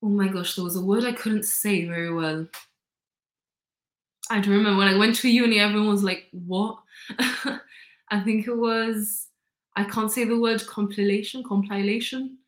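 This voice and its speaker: A woman's voice: mid-range voice, fairly even intonation, moderate pace, pauses often, reverberant. A woman, chatting as an interview guest in an upbeat, filler-heavy way. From Gibraltar. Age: 20s. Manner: chatty and upbeat, full of "like" and "you know". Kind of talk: casual interview chat.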